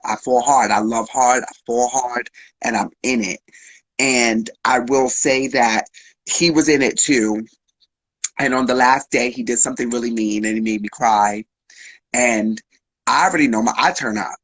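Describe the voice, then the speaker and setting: Husky man telling a candid story. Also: medium pitch, steady tone, a little slow, fairly bright tone, dry recording, poor audio. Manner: frank, emotional, uses slang and swearing. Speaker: guest.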